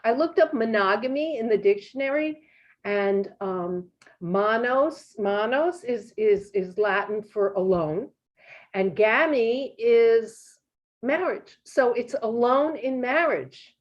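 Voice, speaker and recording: A woman with a slightly high voice delivers deadpan, musing jokes from a comedy stage. The recording is dull and muffled, as if taped on lo-fi gear. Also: takes it slowly. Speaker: stand-up comic. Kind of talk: live stand-up set.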